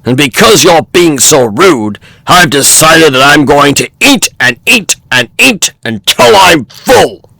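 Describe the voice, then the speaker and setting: Storybook buffalo: man voices a big, stubborn, gravelly beast, sharp bright tone. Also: a little high, big pitch swings, takes it slowly, no room sound, heavily acted. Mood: defiant.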